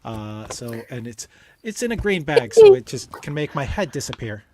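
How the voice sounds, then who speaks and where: A man hosting a casual livestream, rambling and halting, full of dad jokes. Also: mid-range voice, huge pitch swings, a crowd in the background. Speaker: livestream host.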